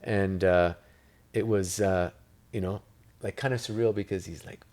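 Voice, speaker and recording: A man from Italy appears as an interview guest, chatting casually about real estate in a loose, rambling way packed with filler words. His voice sits low and has a darkish tone, with fairly even intonation at a normal speed.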